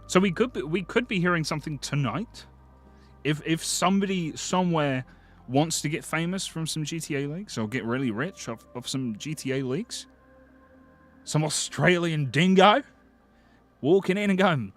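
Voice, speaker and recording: A British man hosting a live stream, chatting casually with viewers, excitable and swearing freely. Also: fairly high pitch, moderate pace, soft background music. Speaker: livestream host.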